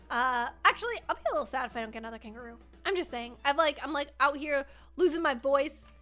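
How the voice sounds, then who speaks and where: Brief: young female gaming YouTuber, excitable casual chatter, high bright voice, light music underneath. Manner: excitable, squealing over pulls.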